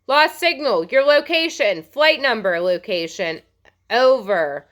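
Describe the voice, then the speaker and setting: A calm male radio operator talks in short, clipped procedure phrases, read by a woman. The voice is high and bright. Its pitch still moves in a lively way. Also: slow pace.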